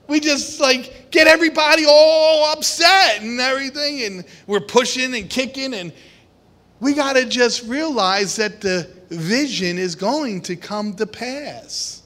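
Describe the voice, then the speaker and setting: A man delivers a sermon to his congregation in a high, bright voice. He speaks slowly and animatedly, acting out the voices of worried people and of God. The sound rings with a long hall reverb. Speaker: preacher.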